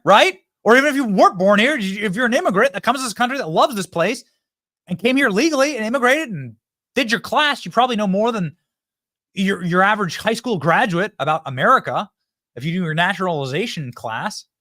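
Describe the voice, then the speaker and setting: A political commentary host delivers a fired-up, emphatic monologue straight to viewers, often repeating himself. His voice is a little high and a bit bright, captured in clean studio sound with no room echo.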